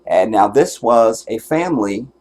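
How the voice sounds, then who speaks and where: A man's voice: lowish voice, animated, unhurried, darkish tone. A man hosting a livestream and giving commentary in an angry, profane, emotional rant, at times close to tears. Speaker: livestream host.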